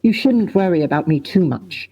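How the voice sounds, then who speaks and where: Reader voicing a guarded young vixen, calm, flat unhurried reading, lively pitch, comedic table read. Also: highs cut off, lightly acted.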